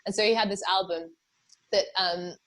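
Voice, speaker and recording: Jeune Anglaise bavarde, voix médium, accent britannique, récit décousu. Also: female voice, mid-range voice, fairly even intonation, moderate pace, a bit bright. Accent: British English. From England. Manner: chatty, rambling with many fillers and laughs. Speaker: musician guest. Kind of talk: casual interview chat.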